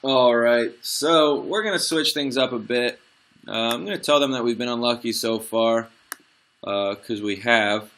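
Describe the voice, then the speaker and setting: Bright-voiced young man calling a football game. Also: medium pitch, a little slow. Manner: excitable, frustrated, swings from play-by-play to grumbling asides. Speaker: gamer commentating his own football management match. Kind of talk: let's play commentary.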